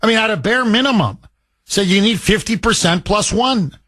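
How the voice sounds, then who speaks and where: Impassioned high-voiced male radio host. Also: lively intonation, normal speed, sharp tone, no room sound. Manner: impassioned, argumentative, acts out imagined dialogues. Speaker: radio talk show host. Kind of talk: opinionated call-in radio talk.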